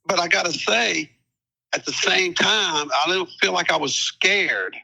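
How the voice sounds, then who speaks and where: Gravelly, forceful older male storyteller. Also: high voice, unhurried, low-quality recording. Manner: calm, repetitive storytelling with many fillers. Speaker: guest, retired police captain. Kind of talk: storytelling interview.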